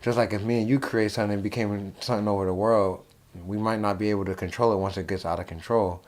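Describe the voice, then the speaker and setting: Low-voiced young man, host, casual late-night chat, rambling, swears a lot. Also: fast talker. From New Jersey. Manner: animated, rambling, swears freely.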